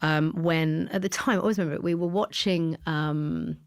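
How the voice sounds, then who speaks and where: A woman's voice: low-pitched, fairly even intonation, normal speed, clear, resonant tone. A woman, a podcast guest telling her own story candidly and with feeling, sometimes sinking to a whisper. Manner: emotional, drops to a whisper when reliving moments.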